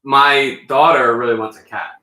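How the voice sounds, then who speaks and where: A man chatting casually in a small talk contest, rambling and halting with many fillers. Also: mid-range voice, fairly even intonation, sharp tone, roomy sound, rough recording. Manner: rambling, halting, with bad put-on British accent. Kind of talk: casual banter.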